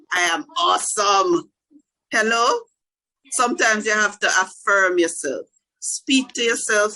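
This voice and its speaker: Woman counselor, lowish voice, earnest workshop host checking in with listeners, video call. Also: sharp tone, rough recording. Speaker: counselor leading a parenting workshop. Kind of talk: online workshop talk.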